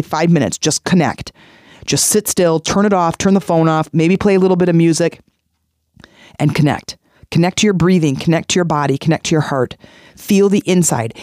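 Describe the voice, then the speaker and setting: Man in his 40s doing a self-help pep talk, kinda high voice, repeats stuff for emphasis. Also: a little mellow, dry recording, clean studio sound. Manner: earnest, conversational, repeats phrases for emphasis. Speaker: podcast host.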